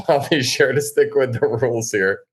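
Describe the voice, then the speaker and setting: A man appearing as a guest on a casual podcast, talking eagerly and chattily, sometimes in quick bursts. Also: mid-range voice, slight background noise. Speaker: podcast guest, band frontman.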